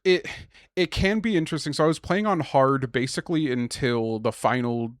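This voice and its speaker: Young podcast guy, cursing a lot, yells when he gets fed up, dry mic. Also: medium pitch, moderate pace, no echo. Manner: ranting, profane, bursts into loud exasperated shouts. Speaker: podcast co-host. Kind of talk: casual chat.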